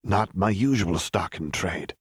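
A man voicing a towering, menacing male mad chemist in a fan fiction audiobook, with a raspy voice and a sly, casual manner. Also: sits low, expressive, a little slow, dry recording, clean studio sound, heavily acted. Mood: sly menace. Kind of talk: audiobook character voice.

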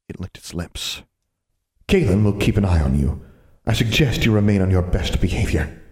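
A man reading an audiobook in a measured, steady narration. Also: sits low, no echo, clean studio sound. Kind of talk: scripted narration.

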